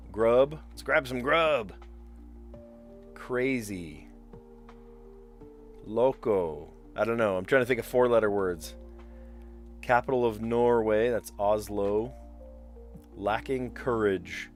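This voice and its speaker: A man's voice: medium pitch, slow pace, pauses often, faint music behind. A man live-streaming word puzzles, thinking aloud as he mutters guesses and chats with viewers. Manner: chatty with viewers.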